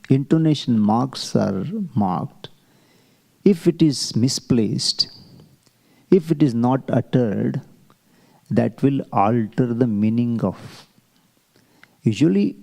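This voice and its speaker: Male teacher, unhurried classroom lecture, low mellow gravelly tone. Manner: slow, deliberate explaining with rhetorical questions. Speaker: Vedic chanting teacher.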